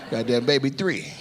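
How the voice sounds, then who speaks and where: A man doing stand-up crowd work on a club stage, brashly and profanely teasing audience members into a handheld mic. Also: mid-range voice. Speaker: stand-up comedian. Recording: noisy live club recording.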